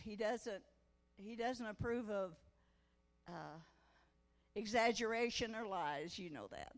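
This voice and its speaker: A woman's voice: on the high side, a bit bright. A woman, preaching a testimony sermon at a women's conference, folksy storytelling that swells into fervent preaching. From Missouri. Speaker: guest preacher. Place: church conference hall. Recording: echoey church hall.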